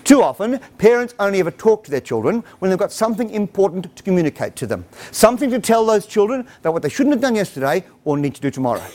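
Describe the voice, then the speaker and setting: Lively, high-voiced man. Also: fast, few pauses. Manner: animated storytelling, acts out dialogue. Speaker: speaker on parenting. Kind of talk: humorous talk to parents.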